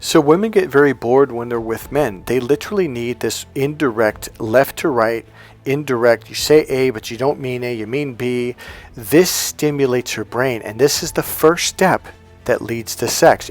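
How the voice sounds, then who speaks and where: A man's voice: mid-range voice, a bit bright. A man giving a casual dating-advice monologue to camera, emphatic and repetitive, acting out little example lines. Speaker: dating coach.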